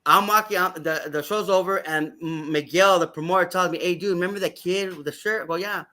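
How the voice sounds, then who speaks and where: A man with a high, bright voice tells stories for a podcast. He is animated and acts out what other people said. He swears freely as he goes. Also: brisk. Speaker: wrestling referee, guest. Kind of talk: casual podcast storytelling.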